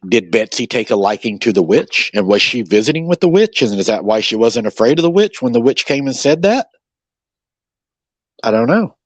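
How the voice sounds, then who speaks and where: A man's voice: medium pitch, big pitch swings, normal speed, no echo. Man hosting a casual chat, dry sound. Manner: speculative, acts out quoted dialogue. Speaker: podcast host.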